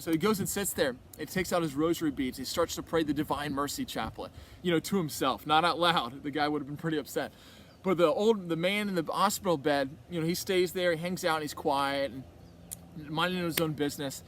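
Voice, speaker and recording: A man's voice: a little high, a little fast, a bit bright, slight background noise. A man giving a casual faith talk at a retreat, telling a story in a rambling, conversational way full of restarts and quoted dialogue. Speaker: retreat speaker.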